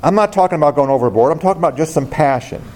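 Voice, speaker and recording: A man's voice: fairly high pitch, lively intonation, racing, a little mellow. A man pastor preaching a sermon, earnest and preacherly, addressing the congregation directly.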